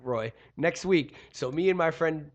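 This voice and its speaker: A man's voice: fairly high pitch, unhurried. A man co-hosting a casual podcast, cracking crude jokes and cutting into the conversation with wisecracks. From New York State. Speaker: podcast co-host. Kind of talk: casual chat, joking banter.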